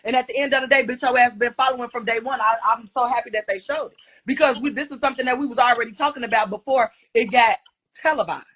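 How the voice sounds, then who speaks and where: A woman speaking in a reality show confessional, loud, profane and excitable. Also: a little high, fast, breathy edge. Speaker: reality show cast member. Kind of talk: confessional interview.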